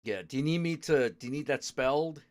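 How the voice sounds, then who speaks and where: A man's voice: mid-range voice, lively intonation, brisk. A man hosting a live stream, muttering and swearing in frustration as he struggles with apps. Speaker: streamer host. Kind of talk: casual live-stream chat.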